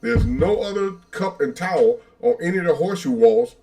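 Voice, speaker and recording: Male co-host, slightly high-pitched, animated anecdote teller with frequent laughter. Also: fairly quick. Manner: animated, laughs while telling stories. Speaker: livestream co-host. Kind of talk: casual storytelling.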